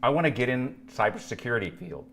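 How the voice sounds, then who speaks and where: A man's voice: mid-range voice, very animated, quick pace, a bit bright. A man co-hosting a live stream, reading viewer questions aloud and bantering playfully.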